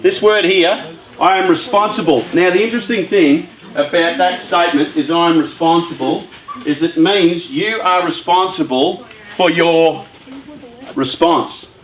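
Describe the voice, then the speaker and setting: A man giving a motivational talk to a group of young people, chatty and lively, telling stories and putting questions to the audience. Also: a little high, unhurried, roomy sound, low-quality recording. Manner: lively, chatty storyteller who talks with the audience. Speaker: youth workshop speaker.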